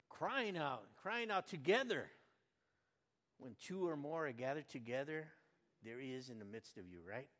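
An older man reading a Bible passage aloud, then musing on it in a folksy, conversational way, rising to loud fervent cries and dropping to quiet asides. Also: medium pitch, expressive, a little slow. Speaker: Bible reader and preacher. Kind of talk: informal devotional Bible reading and reflection. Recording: long hall reverb.

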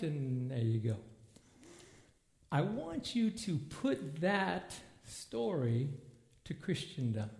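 A man teaching a Bible lesson in a church hall in a loose, lively way, acting out scenes in different voices. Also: on the high side, gravelly. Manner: animated, acts out movie scenes in voices. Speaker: preacher. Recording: echoey room.

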